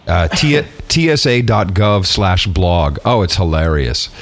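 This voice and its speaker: A man co-hosting a podcast in casual chat, animated and swearing freely, often laughing. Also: low voice, a little slow, a little hiss or hum. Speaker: podcast co-host.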